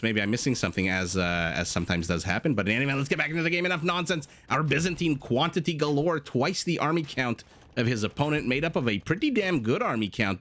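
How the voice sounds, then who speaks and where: Man, game caster, mid-pitched voice, animated, rambling asides, strategy-game commentary. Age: adult, married with a young child. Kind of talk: esports commentary.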